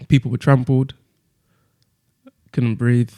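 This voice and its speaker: A young man hosts a casual podcast chat and presses his co-hosts with steady, persistent questions. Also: medium pitch, slow. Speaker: podcast host leading discussion.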